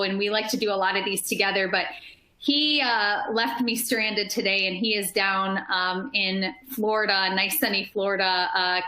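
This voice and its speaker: Bright, energetic Midwestern woman presenting. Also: mid-range voice, roomy sound. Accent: Midwestern American. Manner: upbeat, energetic, many fillers. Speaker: marketing speaker. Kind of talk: webinar presentation.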